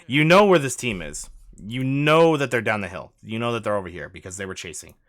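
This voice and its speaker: A man talks through gameplay footage as a coach, in a bright, forceful voice whose pitch jumps around a lot. He is urgent and insistent, repeating his instructions again and again. The recording is dry and close, with no room sound. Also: animated, brisk, no echo. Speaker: gaming coach.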